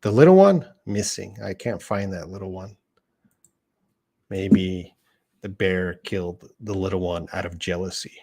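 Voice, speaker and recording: A man's voice: low-pitched, unhurried, dark tone. A middle-aged man, teaching a live English lesson and casually answering viewers' questions one by one. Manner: casual and conversational, reads viewer questions aloud and answers them.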